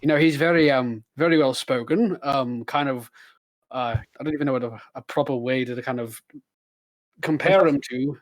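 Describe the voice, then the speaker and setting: An Irish man chatting casually on a podcast, hesitant and full of fillers. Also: medium pitch. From Ireland. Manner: halting, many fillers. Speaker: podcast cast member.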